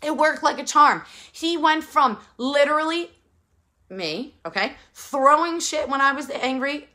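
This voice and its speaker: A woman's voice: sits high, a little slow, pushed and bright. A woman in her thirties giving an urgent, emphatic motivational talk to parents, repeating her key phrases. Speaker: parenting coach.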